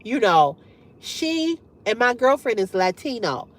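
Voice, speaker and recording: A middle-aged woman hosting a livestream, telling a story to her chat in a candid, profane, animated way and laughing often. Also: fairly high pitch, measured pace. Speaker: livestream host. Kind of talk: casual storytelling to live chat.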